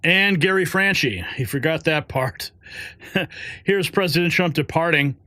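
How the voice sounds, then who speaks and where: A man's voice: a little high, unhurried, very noisy. A male show host giving commentary over clips, effusive and reacting aloud to what he plays.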